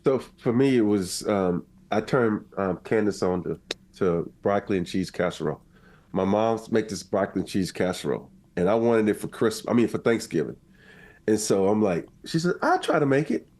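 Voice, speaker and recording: A man co-hosting a podcast in casual chat, telling a story animatedly and acting out quotes. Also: moderate pace. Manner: animated storyteller, acts out quotes with big pitch jumps. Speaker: podcast co-host.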